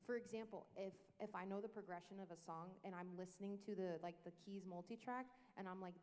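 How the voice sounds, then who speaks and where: A woman who teaches music, speaking on a panel in a quick, chatty way with many fillers. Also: on the low side, steady tone, darkish tone. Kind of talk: casual panel discussion. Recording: reverberant room.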